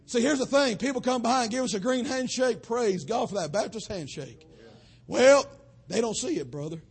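A young man from western North Carolina, preaching a sermon as a pastor, swelling to shouts and dropping low. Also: lively intonation, normal speed, husky. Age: young adult.

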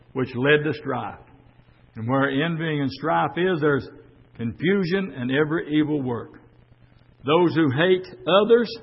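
Older preacher, shouting and reverberant. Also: male voice, a little high, slightly rough. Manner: swings from shouting fervor to quiet storytelling. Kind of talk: Pentecostal-style sermon on the air. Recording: dull lo-fi audio with long church reverb.

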